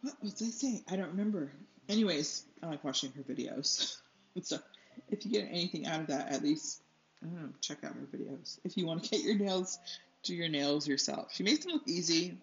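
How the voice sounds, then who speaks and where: A woman's voice: fairly low pitch, expressive, a little fast. A woman artist chatting casually as she paints, rambling and losing her train of thought, laughing often, a little stuffy from allergies. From United States. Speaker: artist and channel host. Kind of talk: casual chat while painting. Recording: slightly dull, roomy, faint music.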